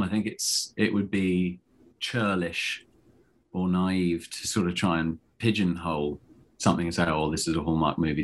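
A middle-aged man talks as a guest in a relaxed interview. His voice sits very low, and he rambles through restarts with easy self-mockery. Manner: chatty and self-deprecating, with many restarts. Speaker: actor, guest. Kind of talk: casual interview chat.

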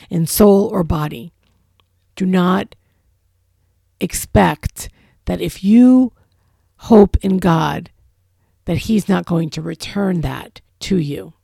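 A middle-aged woman hosting a podcast, giving an earnest, reflective spiritual talk and reading scripture aloud, slowing down to stress key phrases. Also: fairly low pitch, gravelly, mellow, husky, no echo, clean studio sound. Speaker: podcast host.

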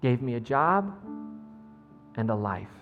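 A man voicing a calm, deadpan middle-aged football coach, speaking in a quiet, measured way. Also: mid-range voice, narrow, tinny audio. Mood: solemn. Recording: long church reverb, faint music.

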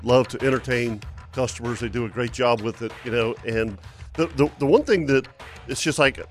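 A man's voice: medium pitch, moderate pace, faint music behind. Easygoing man hosting a fishing show. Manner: affable, reads sponsor segments. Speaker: radio show host. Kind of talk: casual radio chat.

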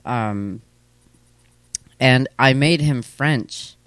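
A man's voice: medium pitch, extremely slow, fairly bright tone, no echo. A man in his thirties in a casual interview, rambling and self-deprecating with lots of fillers, speaking into a studio microphone. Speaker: guest, comedic performer.

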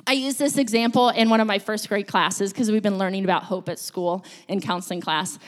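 A woman, a school counselor, giving a sermon in a church, telling stories in an animated, playful way. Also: mid-range voice, brisk. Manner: storytelling, animated, playful with laughs. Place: church sanctuary.

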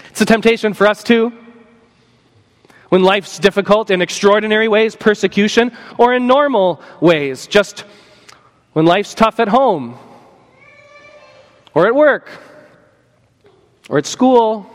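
Pastor preaching with a high voice. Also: male voice. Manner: earnest, voices imagined speakers, slows for emphasis. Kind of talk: sermon. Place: church sanctuary. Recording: long church reverb.

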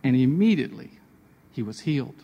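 A man's voice: mid-range voice, sing-song, brisk, dark tone, slightly rough, in a large hall, dull audio. A man hosting a radio devotional, telling personal anecdotes in a chatty way before drawing a sermon point. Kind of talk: conversational devotional storytelling.

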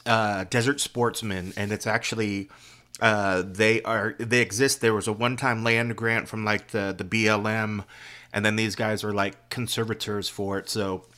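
A man co-hosting a podcast from his home, explaining things at length in a rambling, animated way. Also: lowish voice. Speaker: podcast co-host. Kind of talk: casual chat.

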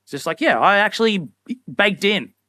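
A young man preaching a sermon in a casual, animated way, often acting out little everyday scenes. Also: high-pitched, moderate pace, no room sound. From Australia. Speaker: pastor.

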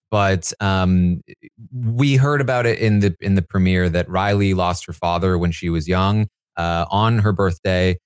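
A man's voice: deep voice, smooth, no echo. Rambling man recapping in a dry room. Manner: rambling, many fillers and restarts. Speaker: live feed recap host. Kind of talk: casual solo recap.

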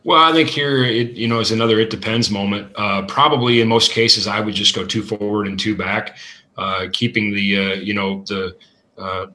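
A man answering questions as an equipment expert, talking casually and filling pauses with "uh" and "you know". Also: fairly low pitch, steady tone, bright, forceful tone. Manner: thoughtful, filler-heavy with many uh and you know.

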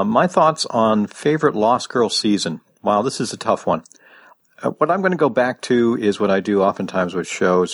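A man podcaster gives his thoughts in a recorded guest message. He speaks reflectively and fills his pauses with "uh." His voice is somewhat low and sounds dry and close. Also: dry recording.

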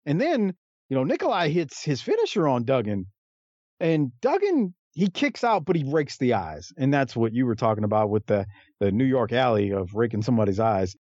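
A man's voice: mid-range voice, normal speed, dry recording, dull audio. A man co-hosting a podcast, chatting casually about a wrestling match and acting out the wrestlers' lines. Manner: animated, acts out wrestlers' lines in a raised voice.

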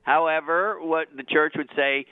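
Guy calling into a radio show, kinda high voice, gets all worked up, tinny phone sound. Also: unhurried, no echo. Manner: animated, grows excited and high when making a point. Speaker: radio show guest, author. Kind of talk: call-in radio discussion.

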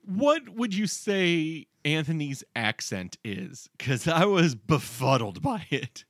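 A man's voice: fairly high pitch, slow, no room sound. A man co-hosting a casual chat, recapping a film scene by scene and acting out the quoted lines. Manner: animated storytelling, acts out quoted lines. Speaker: podcast co-host.

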